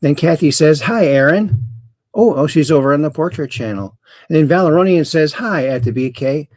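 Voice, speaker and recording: A man's voice: on the high side, animated, normal speed, a little mellow, no echo. A middle-aged man hosting a livestream, rambling with dad jokes and reading out viewers' chat greetings. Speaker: host. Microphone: close camera mic.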